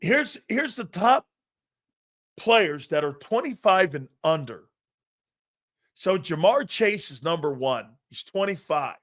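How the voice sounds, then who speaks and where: A man hosting a sports talk show, rambling through stories and growing animated as he reads out a list. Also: sits high, slow, pauses often. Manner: rambling storyteller, animated when reading a list. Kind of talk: casual sports talk monologue.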